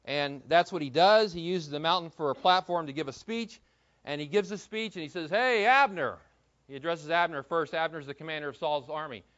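Man, pastor, fairly high voice, conversational sermon, questions to the congregation, dull lo-fi recording. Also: steady tone, brisk, fairly bright tone. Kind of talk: expository Bible sermon.

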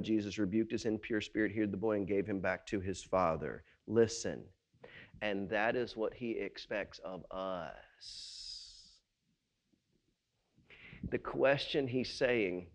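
The sermon comes from a male pastor whose delivery moves from loud emphasis to quiet lows and back, punctuated by brisk rhetorical questions.

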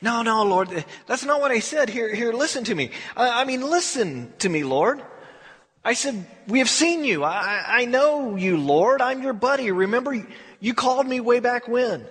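Eager male disciple, pitched up and pleading, earnest and stammering, as a preacher puts him on; echoing hall. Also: animated, moderate pace, fairly bright tone, breathy edge, exaggerated voice. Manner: earnest, pleading, talks over himself.

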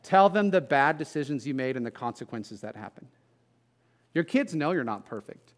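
A middle-aged pastor preaching in a conversational way, mixing scripture with folksy family stories and self-deprecating asides. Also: male voice, mid-range voice, sing-song, normal speed. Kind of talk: conversational sermon.

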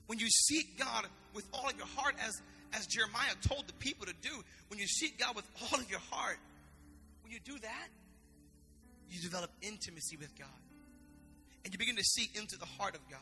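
A man preaches with a raised, piercingly bright voice, pressing his points and circling back over his words. His sermon rings through a hall with a long reverb while soft music plays underneath. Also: high-pitched, expressive, a little fast. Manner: impassioned, conversational preaching with repetitions. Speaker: pastor.

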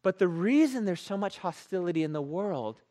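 A man preaching a sermon as a pastor, telling stories with animated, playful self-mockery. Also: high voice, moderate pace.

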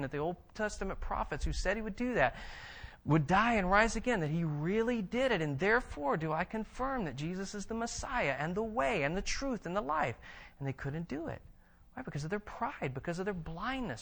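A man's voice: high voice, fairly bright tone. A man preaching a sermon, earnest, rising to emphatic bursts and repeating words as he restarts. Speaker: pastor.

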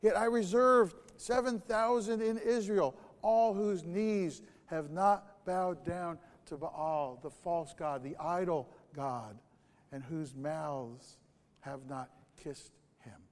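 A preacher voicing a calm, commanding God. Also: male voice, long reverb tail. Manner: low, measured, steady delivery.

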